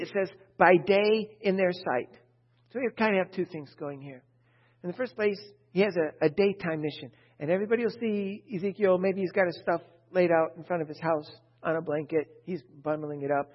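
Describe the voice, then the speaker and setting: A man preaching a sermon, reading scripture aloud and then explaining it in casual talk, with a gravelly, husky voice. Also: fairly high pitch. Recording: dull lo-fi with long hall reverb.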